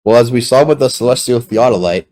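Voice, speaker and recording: A man in a casual podcast discussion, laughing now and then and restarting sentences as he gets animated. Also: mid-range voice, fast talker.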